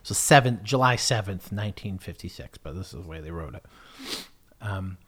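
A man with a lowish voice hosts a podcast alone in a loose, rambling monologue. He hesitates constantly, restarts his sentences and swears offhandedly as he goes. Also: animated, moderate pace, fairly bright tone, husky. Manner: hesitant, full of fillers and restarts, swears freely. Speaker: podcast host.

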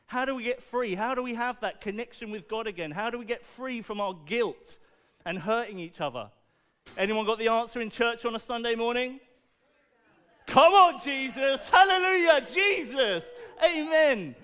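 A man preaching a playful, animated talk to children, asking the audience questions and using object lessons. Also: very high voice, brisk, clear, resonant tone.

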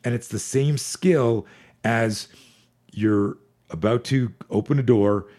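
A man in his forties, a fear management expert on a podcast, talking in an energetic, profane, storytelling way. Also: mid-range voice, takes it slowly. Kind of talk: podcast conversation.

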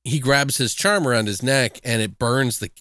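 In a dry, clean studio recording, a podcast host who reviews films walks through a movie's story. He speaks at medium pitch and normal speed, with animated, profane, casual storytelling.

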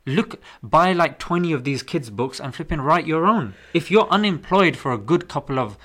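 A man hosting a casual discussion who talks in an animated, emphatic way and often says "bro". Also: on the high side, moderate pace.

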